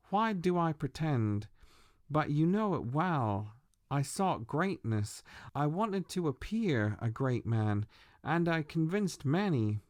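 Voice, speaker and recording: A man's voice: mid-range voice, a little mellow, dry recording, studio quality. A man voicing a weary, deceitful old sorcerer in a book reading, pleading and self-pitying.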